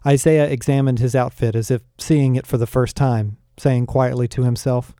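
A man narrating a first-person audiobook with an even storytelling delivery. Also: medium pitch, moderate pace, hardly any pauses, dry recording, studio quality.

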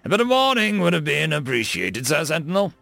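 A man's voice: a little high, big pitch swings, a little fast, creaky, sharp tone, no echo, soft background music, voice pushed up, exaggerated voice. A man doing a polite winged familiar. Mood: deferential. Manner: deferential, addresses others as sir. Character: dutiful winged male familiar, polite and cautious.

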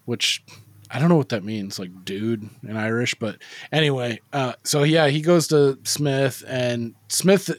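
A man's voice: medium pitch, dry recording. A man co-hosting a movie podcast, talking in a rambling, profane, casual way with lots of fillers. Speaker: podcast co-host. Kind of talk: casual movie-review chat.

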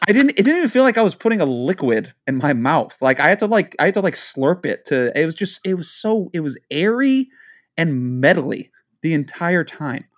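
Lively rambling man telling stories. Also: on the high side, brisk. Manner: rambling, profane storytelling with voiced asides. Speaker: podcast co-host. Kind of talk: casual podcast chat.

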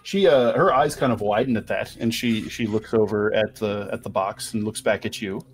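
A man narrating a tabletop game as game master, unhurried and expressive. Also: lowish voice. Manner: unhurried, expressive, many fillers.

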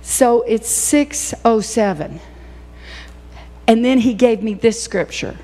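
Older female preacher, higher voice, fervent and animated, echoing church hall. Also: takes it slowly. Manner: emotional, animated preaching with sudden whoops. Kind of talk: sermon.

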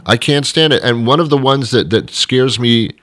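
A man's voice: mid-range voice, moderate pace, a bit bright, no echo. A man co-hosting a casual chat, dry and wry and poking fun at his own cynicism.

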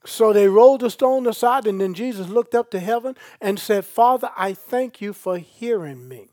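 A man's voice: high-pitched, animated, moderate pace, darkish tone, no echo, studio quality. A male pastor, preaching a sermon and reading scripture aloud with asides to the congregation.

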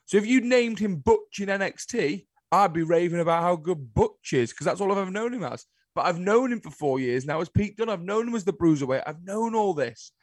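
Man, podcast co-host, exasperated and emphatic, slightly high voice, dry close sound. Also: expressive, fairly quick, few pauses, no room sound. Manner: exasperated, emphatic ranting with sudden high-pitched outbursts. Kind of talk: casual podcast chat.

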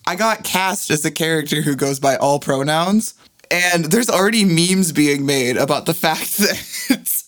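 A young man co-hosts a podcast, teasing his friend with quick, animated banter. His voice moves expressively through a wide pitch range. It is loose, friendly conversation. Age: 20s. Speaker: podcast co-host, voice actor. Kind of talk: casual chat.

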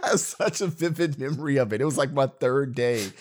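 A man's voice: medium pitch, brisk. A man co-hosting a casual chat, telling funny stories with lots of laughter. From Southern California. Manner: laughing storyteller, animated. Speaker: podcast co-host.

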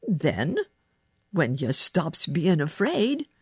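A woman reading a storybook voices a calm, kind country boy. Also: sits low, drawn-out words, husky, no echo, studio quality, heavily acted. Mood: calm steady. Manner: calm, steady, plain-spoken.

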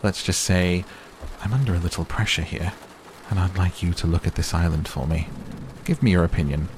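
A man's voice: low-pitched, steady tone, fairly quick, background noise, lightly acted. A man voicing an old male tycoon who is cheerful, persistent and talks over others, read as an audiobook character. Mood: uneasy.

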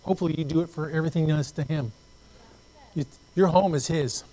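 A man preaching a sermon as pastor, telling stories with lively acted-out voices and repeating phrases as he goes. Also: on the high side, fairly quick, rough recording. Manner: animated storytelling, acts out quoted voices. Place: church.

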